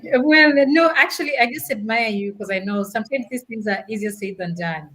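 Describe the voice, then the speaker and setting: A woman's voice: fairly high pitch, a little fast, a bit bright, rough recording. A woman from Africa hosting a live-streamed talk show, chatty, laughing often as she reads out greetings from viewers. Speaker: host.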